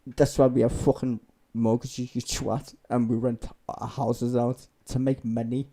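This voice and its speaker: A man's voice: mid-range voice, flat delivery, measured pace, warm tone. A man live-streaming, ranting sarcastically and swearing as he reacts to a clip.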